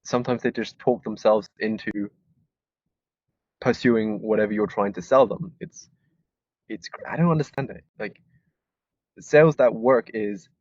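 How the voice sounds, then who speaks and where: A man with a low voice thinks aloud in casual conversation, often restarting his sentences. The audio is dry and close, with no room sound. It also sounds dull and lo-fi. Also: moderate pace, long pauses, darkish tone, no room sound. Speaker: student guest.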